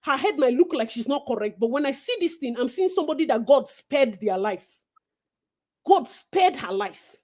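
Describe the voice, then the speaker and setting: High-voiced Nigerian woman, animated and preachy. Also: moderate pace. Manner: animated, preachy, mixes Pidgin. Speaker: co-host. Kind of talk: casual gossip chat.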